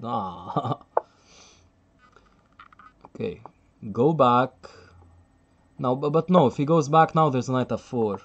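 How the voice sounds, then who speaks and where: A man's voice: medium pitch, slow, pauses often. A man commentating live chess on a stream, chatty and thinking aloud, laughing often and reading out the chat.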